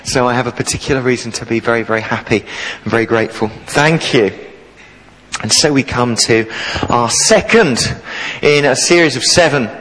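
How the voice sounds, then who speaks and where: Jovial vicar in a reverberant church. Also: male voice, medium pitch, moderate pace. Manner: jovial, animated storyteller. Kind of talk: sermon with storytelling.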